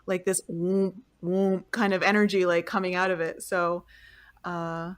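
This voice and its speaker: A woman's voice: on the low side, little pitch movement, measured pace. A woman hosting a podcast who chats casually, laughing often and leaning on fillers. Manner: giggly, filler-heavy talk. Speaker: podcast host.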